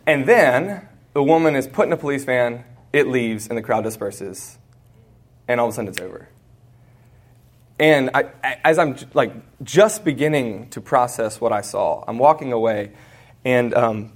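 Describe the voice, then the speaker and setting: A man's voice: mid-range voice, expressive, fairly quick. American guy in his 30s giving a talk, joking and chatty, storytelling to a crowd of students. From United States. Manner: humorous, conversational storyteller. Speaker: conference speaker.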